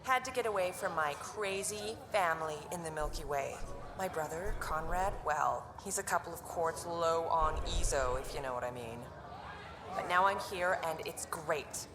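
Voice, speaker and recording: A woman's voice: sits low, moderate pace, lightly acted. An actress playing a chatty young woman who works as a dancer in a pirate bar, gushing in a starstruck way. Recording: echoey game bar with crowd chatter.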